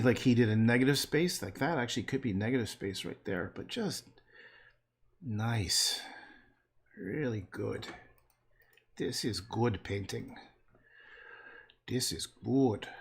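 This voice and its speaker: A man painting and chatting casually on a livestream, rambling and trailing off into muttered asides. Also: medium pitch.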